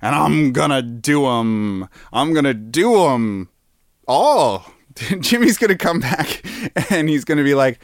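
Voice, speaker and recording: A man's voice: medium pitch, animated, normal speed, no room sound, clean studio sound. A man hosting a show alone, rambling playfully with lots of fillers and restarts. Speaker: podcast host. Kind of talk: casual solo rambling.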